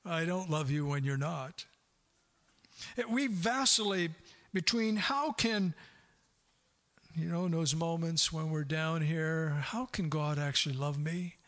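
A middle-aged male pastor giving a sermon with a bright, sharp voice set a little high for a man. He talks in a lively way, laughing now and then and acting out the voices he quotes. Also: takes it slowly, long pauses.

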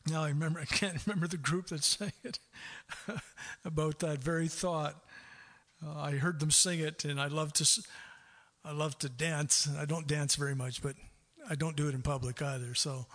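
A middle-aged male pastor giving a sermon with a bright, sharp voice set a little high for a man. He talks in a lively way, laughing now and then and acting out the voices he quotes. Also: normal speed.

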